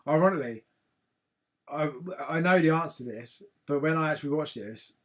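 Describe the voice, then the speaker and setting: A man's voice: a little high, a little fast. A man co-hosting a live-stream quiz, laid-back, laughing easily and thinking aloud. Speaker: co-host.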